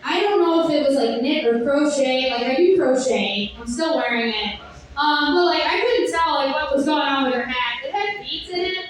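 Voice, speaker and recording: A young woman doing a stand-up comedy set with a sardonic, rambling delivery, breaking into sung and shouted bits. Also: high voice, expressive, moderate pace. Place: comedy club stage. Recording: echoey club from far off.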